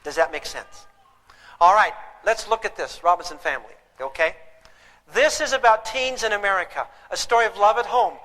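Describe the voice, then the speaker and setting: A man's voice: high-pitched, sharp tone. An older man giving a live parenting lecture, telling stories emphatically and putting questions to his audience. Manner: asks the audience rhetorical questions; storytelling, emphatic. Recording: long hall reverb.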